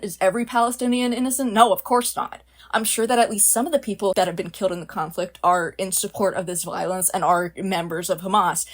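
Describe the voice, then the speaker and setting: A young woman vlogger giving blunt, exasperated opinion commentary, swearing freely. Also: mid-range voice.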